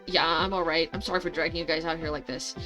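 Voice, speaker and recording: A woman voicing a calm, sheepish teenage boy who apologizes to his friends. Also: deep voice, quick pace, faint music behind, voice pushed down. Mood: apologetic.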